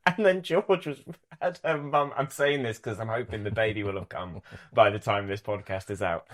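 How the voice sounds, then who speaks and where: A young adult man, a podcast host, telling a story in an animated way and laughing as he goes. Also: on the low side, moderate pace. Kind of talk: casual storytelling.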